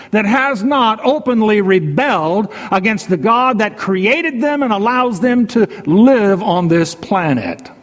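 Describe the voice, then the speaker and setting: A pastor delivers a sermon in a notably high voice, taking each phrase slowly and deliberately. He repeats key lines for emphasis. His voice carries a long reverb, as if he is speaking in a large hall. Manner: measured preaching with repetition and slow emphatic phrases.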